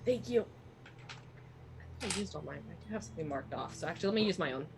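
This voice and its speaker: A woman playing a tabletop game, chatty and quick to giggle. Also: on the low side, expressive, gravelly, a little hiss or hum. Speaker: player. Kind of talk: casual tabletop play.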